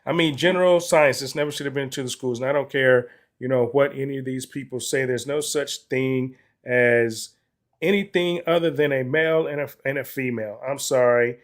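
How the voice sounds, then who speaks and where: A man of ordinary pitch hosts a casual political talk show. He speaks bluntly, repeats his points and turns sarcastic. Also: brisk. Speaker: host.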